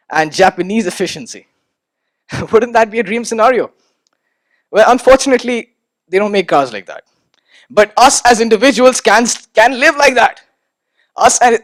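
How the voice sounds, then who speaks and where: High-voiced, animated young man on stage. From India. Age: 20s. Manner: animated, rhetorical, repeats words when starting. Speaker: student speaker. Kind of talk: motivational stage talk. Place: stage at a talk event.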